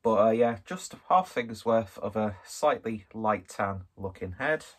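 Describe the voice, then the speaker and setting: A man's voice: on the low side, lively intonation, a little slow. A man, from northwest England, chatting through a casual beer review in a rambling, self-deprecating, jokey way. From Skelmersdale, northwest England.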